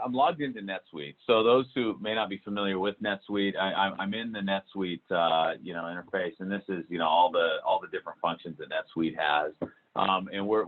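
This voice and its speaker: A man walking through a software demo in a webinar, talking with many fillers and restarts. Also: low voice. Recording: tinny phone-like call audio.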